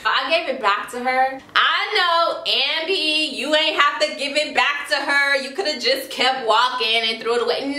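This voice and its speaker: An American woman tells a storytime vlog, animated and dramatic, tossing in slangy asides. Her voice sits high and sounds bright and sharp. The room around her rings with echo. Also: normal speed, hardly any pauses. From United States. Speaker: vlogger.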